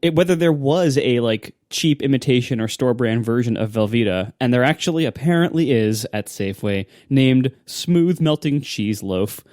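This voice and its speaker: A wry, amused man co-hosts a casual podcast, rambling a bit. His pitch bounces around freely. The sound is close and dry. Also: animated, moderate pace, hardly any pauses, darkish tone, no room sound. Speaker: podcast co-host. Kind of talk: casual chat.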